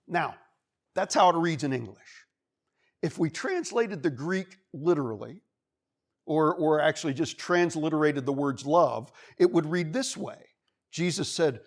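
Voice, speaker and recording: A man's voice: fairly high pitch, expressive, a little slow. A man preaching a sermon in a church, talking in a conversational way and acting out the voices of the people he quotes. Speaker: pastor. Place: church sanctuary.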